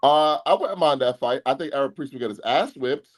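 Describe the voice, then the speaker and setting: A man's voice: mid-range voice, fairly quick. A man hosting a boxing podcast in casual chat, blunt and exasperated, swearing at his co-host.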